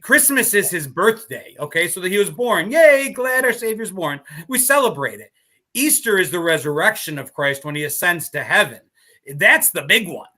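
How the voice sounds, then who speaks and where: Podcast co-host, man in his fifties, high and very bright voice, animated storyteller. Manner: animated storytelling, quick to laugh. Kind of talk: casual live podcast chat.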